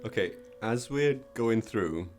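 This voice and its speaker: A man playing a tabletop game, speaking in character in a hesitant, deadpan way with fillers. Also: lowish voice, takes it slowly, faint music behind. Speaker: player. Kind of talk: tabletop role-play.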